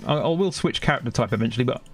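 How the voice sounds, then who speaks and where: A man's voice: mid-range voice, animated, racing, husky. A young man with a London accent chatting casually while streaming gameplay, rambling and breaking off to react to the game. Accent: London English. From Britain. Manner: rambling, self-interrupting, reacting to the game mid-sentence. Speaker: gaming streamer. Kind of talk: casual live-stream chat over gameplay.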